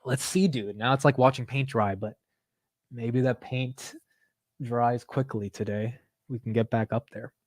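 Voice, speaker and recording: A man's voice: mid-range voice, fairly even intonation, a little slow, no room sound, clean studio sound. A young man hosting a casual stock market livestream, chatting loosely, swearing and laughing at himself while reading chat aloud.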